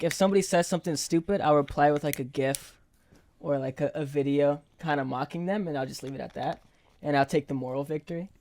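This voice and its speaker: A man's voice: on the high side, a bit bright. A young man hosting a casual podcast, laughing often and talking loosely with plenty of swearing. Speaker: podcast host.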